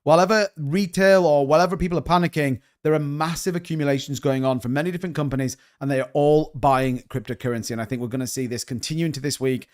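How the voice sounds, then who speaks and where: A young man hosts a crypto livestream, chatting casually and rambling with frequent restarts. His voice is fairly high with a darkish tone, and he talks fast with few pauses.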